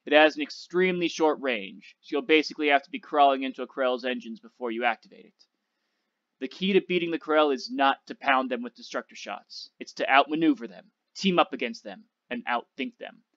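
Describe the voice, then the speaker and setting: A clipped, commanding old flight instructor with a sarcastic edge, voiced by a man reading aloud. His voice sits at an ordinary middle pitch. The recording is dull and dry, with no room sound. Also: brisk, a bit bright, no room sound, natural voice. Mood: instructing.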